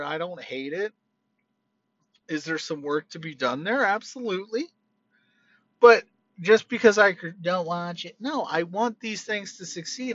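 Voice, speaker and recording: A man hosting a quick podcast while driving home, talking casually and emphatically about wrestling. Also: high voice, no room sound, muffled recording. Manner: animated, emphatic, conversational. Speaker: podcast host. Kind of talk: casual wrestling opinion rant.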